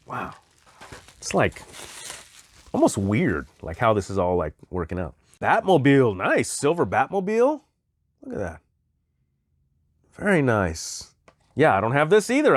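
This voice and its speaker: A man chatting excitedly as he unboxes a package of collectible toys, exclaiming at each find. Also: medium pitch, creaky, no room sound. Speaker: toy collector vlogger. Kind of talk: casual unboxing chat.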